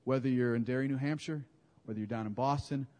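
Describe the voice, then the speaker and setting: A man preaching a sermon in a conversational, animated way, often correcting his own words. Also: medium pitch, fast. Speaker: pastor. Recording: long hall reverb.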